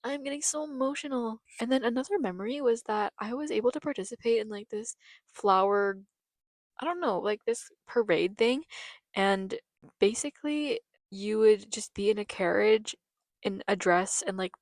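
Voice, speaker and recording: Young woman podcast host, from the Philippines, chatty and sentimental storyteller, some vocal fry, dry recording. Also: mid-range voice, moderate pace, dry recording. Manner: chatty, nostalgic, emotional, lots of "like".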